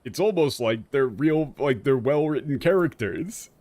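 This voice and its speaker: A man streaming a game rants, exasperated and swearing often, about how its dialogue was translated. His voice is mid-range and dark-toned, animated yet at a measured pace.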